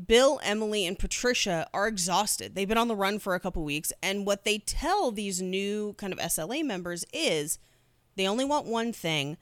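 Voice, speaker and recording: A woman's voice: medium pitch, a bit bright, no room sound. A woman hosting a podcast who tells a true crime story in a casual, chatty way. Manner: laughs while telling the story.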